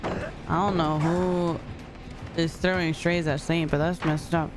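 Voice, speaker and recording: A young woman chats casually while she streams a game, reading and answering her viewers. She speaks at an unhurried pace, and faint background music runs under her voice. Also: deep voice, level tone. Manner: chatty, thanks viewers, reads and answers chat. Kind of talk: casual live-stream chat while gaming.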